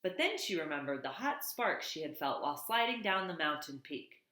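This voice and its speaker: A woman's voice: low voice, big pitch swings, moderate pace, bright, forceful tone, reverberant, poor audio. A woman reading a children's novel aloud, in a plain read-aloud manner with small slips and self-corrections. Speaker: reader.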